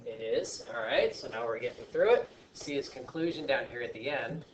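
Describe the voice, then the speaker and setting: A man teaching a science class, talking in a chatty, joking way with animated asides to his students. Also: mid-range voice, normal speed, slight background noise. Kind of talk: classroom lesson. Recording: echoey classroom from far off.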